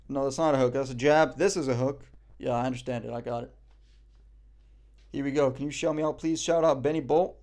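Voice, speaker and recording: A man's voice: on the high side, fairly even intonation, fairly quick, darkish tone. A young man from Morocco chatting casually on a live stream, reading the chat and making self-mocking jokes. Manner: joking, self-mocking banter.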